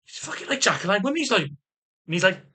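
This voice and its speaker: A Welsh man talks straight to camera in a loose, rambling vlog, swearing freely and stumbling over restarts. His voice sits a little higher than most men's. He sounds blunt and sardonic. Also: sing-song, fast, pushed and bright, husky. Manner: rambling and profane, with frequent restarts. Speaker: vlogger. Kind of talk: casual vlog monologue.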